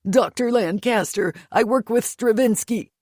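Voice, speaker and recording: Nervous male scientist, whiny and wheezy, pitched high and loud, as a woman reader puts him on. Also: a little slow, no room sound, studio quality. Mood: panicked.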